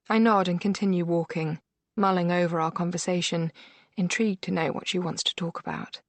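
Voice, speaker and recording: A woman reads a first-person thriller audiobook in a measured, steady way. Her voice sits fairly low. The recording is dry and close, with no room around it. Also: dry recording. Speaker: audiobook narrator. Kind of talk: scripted first-person narration.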